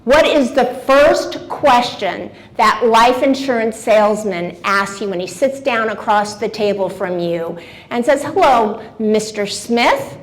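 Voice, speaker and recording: A woman in her seventies giving a lively talk to a seated audience, asking them questions directly. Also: a little high, a little slow. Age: 70s. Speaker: motivational speaker. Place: event room with a seated audience.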